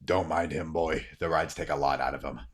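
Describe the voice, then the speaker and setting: A man voicing a gruff, scheming older caravan guard in a tabletop game, grumbling low. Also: steady tone, fairly quick.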